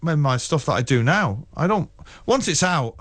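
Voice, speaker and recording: A man's voice: fairly high pitch, sing-song, normal speed, a bit bright. A man in his forties, a guest in a radio studio, telling rambling stories in casual chat with frequent restarts and laughs.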